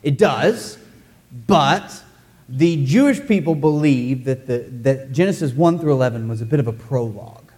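A man's voice: mid-range voice, lively intonation, moderate pace, darkish tone. A man preaching a sermon in a church, loose and conversational, cracking jokes and speaking straight to the congregation. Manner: joking, conversational, addresses the congregation directly. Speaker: pastor.

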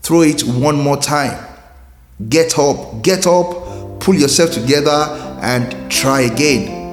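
A man's voice: a little high, slow pace. A man hosting a devotional, speaking earnestly and asking repeated questions. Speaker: devotional host. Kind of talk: slow devotional reflection. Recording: roomy reverb with soft music.

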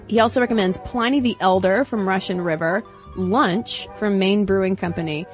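Chatty playful woman podcast co-host. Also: mid-range voice. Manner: chatty, playful, laughs often. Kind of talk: casual chat.

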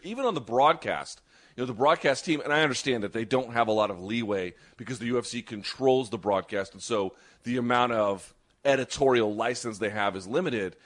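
A man talks combat sports on a show he co-hosts, with fast, animated delivery. His opinions come out strongly, with a mid-range voice. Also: medium pitch. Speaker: podcast co-host. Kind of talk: casual sports chat.

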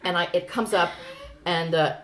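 A woman's voice: lowish voice, moderate pace. A woman telling a long story in casual chat, jumping into quoted voices. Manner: animated storytelling, acts out quoted people.

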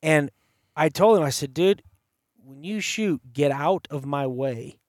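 A man's voice: on the high side, measured pace, no room sound, studio quality. A man telling a long hunting story in casual chat as a podcast host, acting out the voices of people he quotes. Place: campside.

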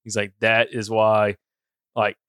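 A man's voice: on the low side, takes it slowly, slight background noise. A man co-hosting a hunting podcast, telling stories in a rambling, casual way. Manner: rambling storyteller, animated retellings. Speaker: podcast co-host.

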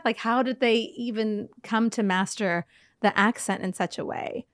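A woman co-hosts a podcast in chatty, relaxed conversation, her sentences sprinkled with "like". Her voice sits at a middling pitch and sounds close and dry, with no room echo. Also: normal speed. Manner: chatty, lots of "like" fillers. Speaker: podcast co-host. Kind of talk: casual podcast chat.

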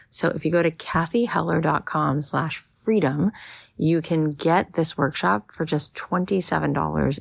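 Low gravelly lady doing a podcast intro, earnest and encouraging, dry close sound. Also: no room sound. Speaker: podcast host.

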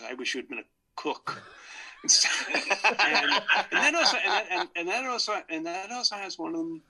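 A man in casual panel chat, stuttering through restarts and quick to laugh. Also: on the high side, sharp tone, low-quality recording.

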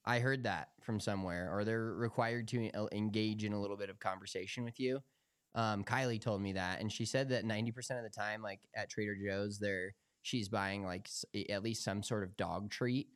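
A man's voice: lowish voice, steady tone, a little fast, clear, resonant tone, dry recording, studio quality. Profane, rambling man on a podcast. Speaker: podcast co-host. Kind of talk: casual chat.

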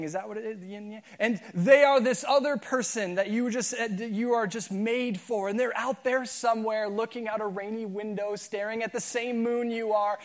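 A man with a high, light voice preaches in a loose, conversational way. He jokes and wanders into asides as he leads his congregation through the passage. His delivery stays chatty and unpolished. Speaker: pastor. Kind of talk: sermon. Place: church auditorium.

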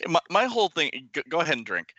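A man's voice: fairly high pitch, very animated, fast, sharp tone, no room sound, dull audio. A man co-hosting a casual chat who jokes and laughs often. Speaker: podcast co-host.

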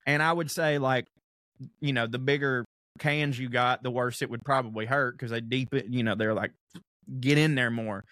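A man's voice: mid-range voice, steady tone, moderate pace, pushed and bright, no echo, clean studio sound. A young man co-hosting a podcast, chatting casually in a rambling, profane way and laughing often. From American South. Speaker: podcast co-host. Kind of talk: casual chat.

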